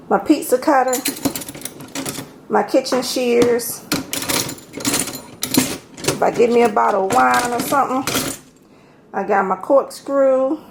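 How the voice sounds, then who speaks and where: This casual home tour vlog features a Maryland home organization vlogger touring her kitchen and chatting directly to viewers as y'all, audibly out of breath. Her gravelly voice runs on the high side, and there is background noise.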